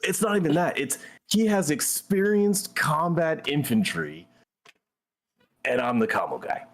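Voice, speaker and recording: A man's voice: a little high, animated, unhurried. A man hosting a gaming stream, telling a story in a blunt, profane, conversational way. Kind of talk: casual storytelling while gaming.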